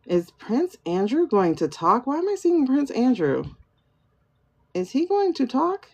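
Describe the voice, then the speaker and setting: A woman's voice: high voice, sing-song, a little slow, a little mellow, slightly rough, muffled recording. A woman hosting a livestream tarot reading, musing aloud and chatting with viewers by name. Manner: muses aloud, asks herself questions and answers them. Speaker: tarot and pendulum reader, livestream host. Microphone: phone livestream.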